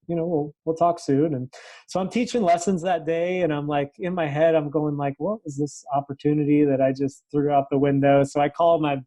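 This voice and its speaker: A young adult man, a tennis coach, telling a story in a casual interview and acting out the dialogue with animated switches of voice. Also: mid-range voice, dry recording, low-quality recording. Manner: animated, acts out quoted dialogue. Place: Los Angeles area.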